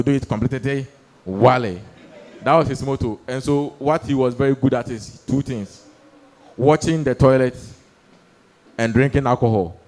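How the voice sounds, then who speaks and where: A young man doing stand-up storytelling on stage, animated, acting out voices and laughing through his lines. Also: medium pitch. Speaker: stand-up comedian. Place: comedy stage before a live audience.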